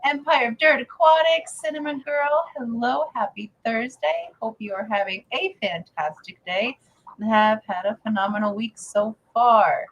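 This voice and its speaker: A woman from Wisconsin co-hosting a casual fish-keeping livestream, chatty and quick to laugh, reading out viewer names. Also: a little high, a bit bright, highs cut off. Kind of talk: casual chat.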